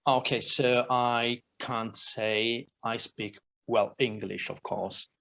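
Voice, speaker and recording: A man's voice: mid-range voice, fairly even intonation, takes it slowly, vocal fry, a bit bright. Curious man asking grammar questions. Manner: curious, asks questions and checks his understanding. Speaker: co-host and English learner. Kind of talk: conversational grammar lesson.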